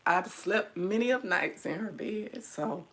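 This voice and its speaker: A woman's voice: mid-range voice, animated, measured pace, a bit bright, a little hiss or hum, low-quality recording. A middle-aged woman tenderly reminiscing about her mother to her viewers, at times teary-eyed. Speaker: vlogger. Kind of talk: personal storytelling to viewers.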